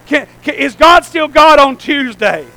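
High, bright-voiced preacher. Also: male voice, lively intonation, unhurried, low-quality recording. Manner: preaching with call-outs and rhetorical questions. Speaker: pastor. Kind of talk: sermon.

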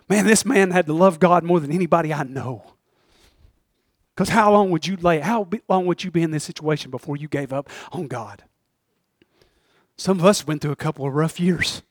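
A male preacher delivers a sermon in an emphatic, repetitive style and addresses the congregation directly. His voice sits high, and the sound is close and dry. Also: moderate pace, no room sound.

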